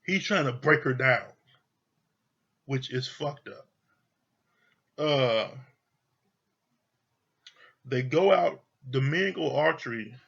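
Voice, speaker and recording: A man's voice: medium pitch, vocal fry, a bit bright, muffled recording. A man giving a heated, profane rant reviewing a reality TV show, exasperated and repeating his points for emphasis.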